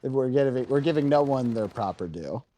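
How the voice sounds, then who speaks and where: A man's voice: mid-range voice, moderate pace, a loud crowd. A man in his thirties, a podcast co-host, chatting casually while gaming and acting out other people's lines in his stories. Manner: animated storyteller, acts out other people's lines.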